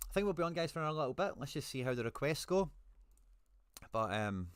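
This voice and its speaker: A man's voice: on the high side, very animated, quick pace, clean tone, no room sound, studio quality. A man hosting a casual live stream, chatting with viewers and thanking them as he reads out their messages. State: a bit out of breath.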